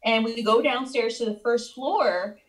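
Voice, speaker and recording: A woman paranormal investigator, a guest on a video call, calmly recounting an investigation at a haunted inn. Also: fairly high pitch, measured pace, rough recording. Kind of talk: casual storytelling.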